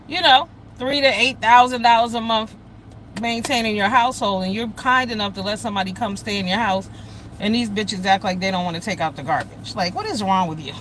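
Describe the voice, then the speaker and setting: A woman's voice: mid-range voice, fairly bright tone, slight background noise, low-quality recording. A middle-aged woman hosting a casual livestream, talking bluntly and with heavy profanity and greeting viewers by name as they join. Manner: blunt, profane, heated storytelling. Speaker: livestream host.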